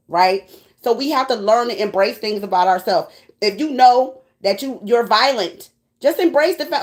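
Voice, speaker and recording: High-voiced woman preaching bluntly. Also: moderate pace. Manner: blunt, profane, preachy and animated. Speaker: tarot reader. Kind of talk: spiritual pep talk to viewers.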